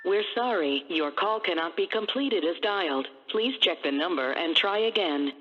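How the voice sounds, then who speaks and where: A woman voicing a recorded phone-line error message in a flat, clipped announcement. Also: fairly low pitch, moderate pace. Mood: impersonal. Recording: dull, echoey phone recording.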